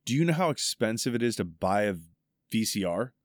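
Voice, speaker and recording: A man's voice: fairly low pitch, expressive, fairly quick, dry recording, clean studio sound. Crude, mischievous casual man. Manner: crude, mischievous, blunt swearing. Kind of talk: casual chat.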